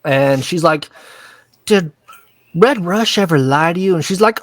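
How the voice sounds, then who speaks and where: A man's voice: fairly high pitch, lively intonation, measured pace, dry recording. A man hosting a casual recap, retelling scenes with crude jokes and quoted lines. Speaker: recap host.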